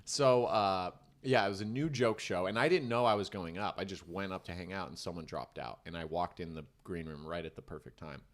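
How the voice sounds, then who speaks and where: A man's voice: deep voice, fairly quick, few pauses. A man co-hosting a comedy podcast, telling a stand-up story in casual, swearing chat and acting out voices. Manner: animated storyteller, acts out crowd voices, swears freely.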